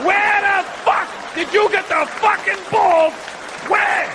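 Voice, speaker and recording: A man voicing an angry tough guy who shouts aggressive questions in a raised, strained voice. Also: high voice, expressive, rapid-fire, crowd noise, noisy background, pitched above the performer's own voice. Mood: angry yelling.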